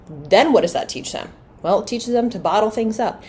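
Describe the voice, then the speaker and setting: A woman's voice: medium pitch, lively intonation, moderate pace, warm tone. A woman hosting a solo podcast on parenting, talking earnestly and conversationally and asking her listeners rhetorical questions. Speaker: podcast host.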